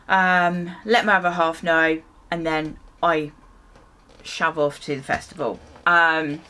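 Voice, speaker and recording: A young woman telling a casual storytime while she does her hair, lively and a little sweary as she acts out her reactions. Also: lowish voice, a little slow. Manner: animated storytelling with mild swearing and acted-out reactions. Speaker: beauty vlogger.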